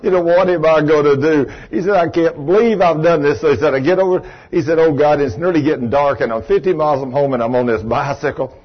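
A middle-aged man, preaching a sermon as a folksy, animated storyteller who acts out the quotes. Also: on the high side, quick pace, hardly any pauses, slightly rough. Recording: dull lo-fi sound.

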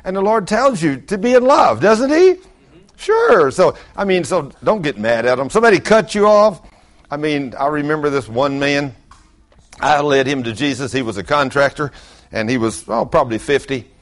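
A man's voice: fairly high pitch, moderate pace. An older man, preaching a folksy sermon full of acted-out stories. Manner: animated storyteller, acts out quotes loudly.

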